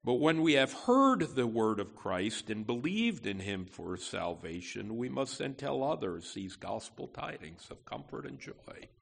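A man preaching a sermon as pastor, emphatic, with wide swings in pitch and loudness. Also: big pitch swings, a little slow, gravelly, hardly any pauses, husky.

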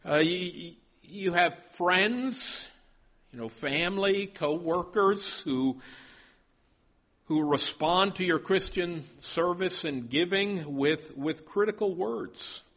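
Guy preaching real slow, husky voice, keeps stumbling and repeating words. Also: sits high, a bit bright. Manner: halting, often repeats words while preaching. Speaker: pastor. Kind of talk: sermon.

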